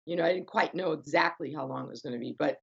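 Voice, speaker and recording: With a deep, creaky voice that has a breathy edge, this female rock musician from the United States talks quickly as a guest in a casual conversation. She's chatty, leaning on fillers like "you know," restarting and correcting herself often. The recording is lo-fi.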